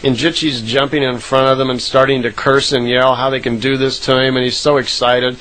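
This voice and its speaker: A man's voice: mid-range voice, little pitch movement, fairly quick, fairly bright tone, rough recording. A man casually retelling a recorded account, rambling with frequent "uh" fillers and self-corrections.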